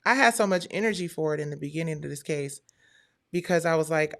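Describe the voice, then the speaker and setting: A woman's voice: sits low, quick pace. A woman hosting a live stream, chatting casually and talking straight to her viewers.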